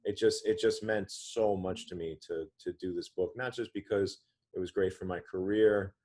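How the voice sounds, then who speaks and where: Here is a man in his thirties with a low-pitched voice, recounting an anecdote as a podcast guest. He tells it animatedly and often restarts his phrases, pulling the listener along. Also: fairly even intonation, normal speed, mellow. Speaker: author and interview guest. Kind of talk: storytelling in a podcast interview.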